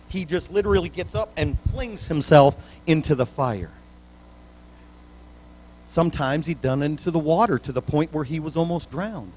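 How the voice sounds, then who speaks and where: High-voiced man preaching folksy sermon. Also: rough recording. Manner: folksy, plainspoken preaching with colloquial grammar. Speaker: pastor. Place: church.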